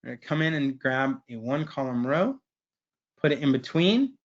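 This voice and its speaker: A man's voice: mid-range voice, sing-song, normal speed. Man, webinar presenter, casual screen-share walkthrough, slightly muffled audio. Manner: casual, keeps asking "right?". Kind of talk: screen-share software demo.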